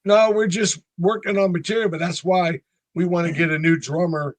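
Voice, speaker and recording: With a high voice at normal speed, a man in his sixties recounts tales as a band member in a relaxed interview, imitating the people involved. He's from North Carolina, and the recording is dry.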